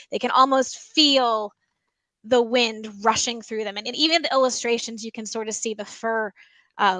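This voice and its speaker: Bright, chatty woman librarian. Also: on the high side, dry recording, rough recording. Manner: chatty, many ums, explains by example. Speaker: school librarian. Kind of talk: teaching tips with a read-aloud.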